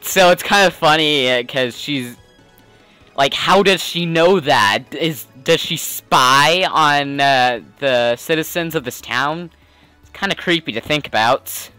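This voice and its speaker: A man's voice: a little high, slow pace, bright, forceful tone, clear, resonant tone, no echo, soft background music. A man giving casual, rambling commentary while playing a video game. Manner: chatty, rambling, lots of "like" and "uh". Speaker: let's player.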